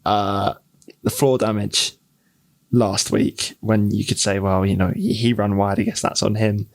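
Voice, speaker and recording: Thoughtful low-voiced podcast co-host. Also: male voice, flat delivery. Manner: measured, thoughtful, stammers on restarts. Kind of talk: casual chat.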